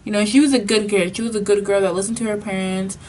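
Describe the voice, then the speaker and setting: A woman's voice: mid-range voice, level tone, fast talker, a little mellow. A young adult woman vlogger telling a casual story in a chatty way, full of "like" and the odd Spanish phrase. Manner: chatty, filler-heavy with frequent "like", Spanish phrases.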